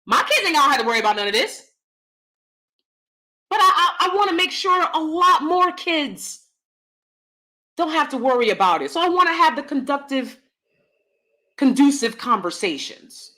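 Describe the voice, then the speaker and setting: Bright-voiced, animated woman host. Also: normal speed, long pauses. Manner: animated, swings between a high and a deep put-on register; blunt, laughing asides. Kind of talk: casual livestream commentary, reading chat.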